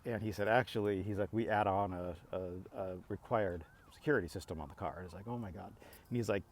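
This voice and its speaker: A man's voice: on the low side, fairly quick, darkish tone. A middle-aged man vlogging in a casual, rambling way, exasperated and full of restarts as he acts out both sides of arguments. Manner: exasperated, rambling, lots of restarts and quoted back-and-forth. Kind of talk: casual talking-to-camera rant.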